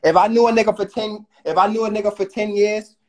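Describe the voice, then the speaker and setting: A man's voice: high-pitched, steady tone. A man, chatting casually on a live stream and restarting his sentences as he explains. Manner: halting, restarts while explaining.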